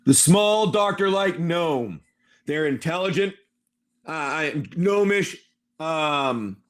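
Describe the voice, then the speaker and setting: A man running a tabletop game on a live stream, narrating each move play by play. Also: high voice. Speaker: game master.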